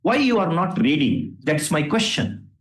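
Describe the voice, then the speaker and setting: Lecturing Indian judge in an echoey courtroom. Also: male voice, on the high side, very animated, a little slow, fairly bright tone. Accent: Indian English. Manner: scolding, lecturing, rhetorical questions. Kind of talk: courtroom remarks from the bench. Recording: roomy courtroom sound.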